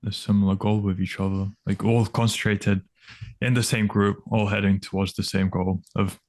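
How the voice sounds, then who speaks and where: Male interviewer, lowish voice, calm, restates answers, dry sound. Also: no echo. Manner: measured, restates the guest's points before asking. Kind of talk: conversational interview questions.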